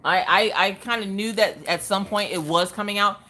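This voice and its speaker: A woman hosting a casual live craft stream, chatting in an animated way and answering viewers' comments. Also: mid-range voice, moderate pace.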